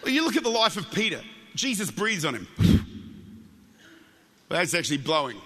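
Australian male preacher, high and very bright, animated storytelling, long church reverb. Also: normal speed. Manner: animated storytelling with jokes, stumbles and repeats words. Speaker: guest preacher. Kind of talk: Pentecostal sermon.

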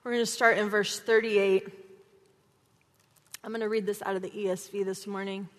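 A woman's voice: mid-range voice, normal speed. Woman preaching in an echoing hall. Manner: animated, conversational, keeps asking "right?". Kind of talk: sermon. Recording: long hall reverb.

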